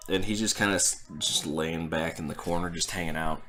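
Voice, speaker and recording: A man with a very deep voice guides the table as game master. He describes the scene in a relaxed, easygoing manner. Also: brisk.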